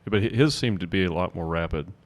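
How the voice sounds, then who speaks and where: Co-host, man, very deep voice, laid-back interviewer. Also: fast talker. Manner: relaxed, short agreeing replies. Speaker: podcast co-host. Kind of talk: casual chat.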